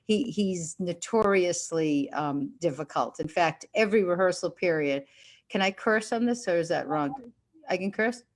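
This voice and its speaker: A woman in her sixties, a guest actress, chatting candidly and animatedly over a video call. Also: fairly low pitch. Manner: candid, animated storytelling with quick asides. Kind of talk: casual interview chat.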